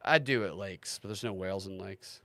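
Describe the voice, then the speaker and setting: A man's voice: low voice, fairly quick, vocal fry, a bit bright. A man hosting a livestream, talking casually in a sarcastic, ranting way and swearing freely. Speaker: livestream host.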